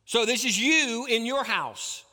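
A man preaching a sermon as a pastor, swinging between loud emphatic peaks and soft, low passages. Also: lively intonation, unhurried, in a large hall.

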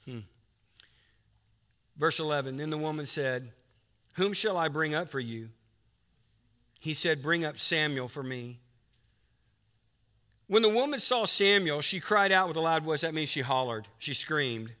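Folksy pastor, fairly high voice, preaching in a big echoing sanctuary. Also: male voice, animated, unhurried, long pauses, bright, forceful tone. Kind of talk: sermon. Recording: long hall reverb.

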